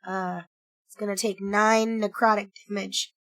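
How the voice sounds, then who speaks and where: A woman playing a tabletop game, calmly and methodically stating her character's spells and damage. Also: medium pitch, measured pace, no room sound. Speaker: player. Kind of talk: casual tabletop play.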